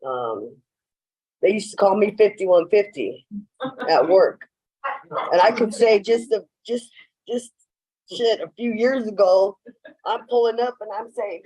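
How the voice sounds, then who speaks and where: This woman speaks at medium pitch and a measured pace, pausing often, her tone dark and the recording rough. At a recovery meeting in a meeting room, she tells her own story in a wandering way, full of "you know," performing the quoted lines of the people in it.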